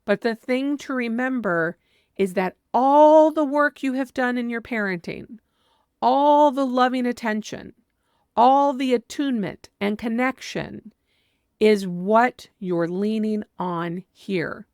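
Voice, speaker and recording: A woman's voice: on the high side, slow pace, darkish tone, clean tone, no echo, clean studio sound. A woman parenting coach giving earnest, direct advice, sometimes acting out what a parent might say with emphasis. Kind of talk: advice monologue.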